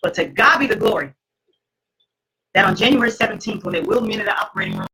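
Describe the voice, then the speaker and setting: A middle-aged woman hosts and tells her own testimony to a live audience with the emphasis of a preacher. Her voice is husky and gravelly, with a bright, edgy tone. Her pitch swings widely from low to high as she makes her points. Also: huge pitch swings, fast talker, poor audio. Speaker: host.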